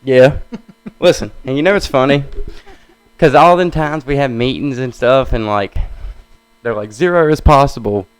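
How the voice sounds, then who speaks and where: A young man co-hosts a casual podcast, laid-back and slangy, saying "bro" and "dude" as he tells a story about getting hurt at work. His medium-pitched voice is clear and resonant at a measured pace, though the recording is low quality.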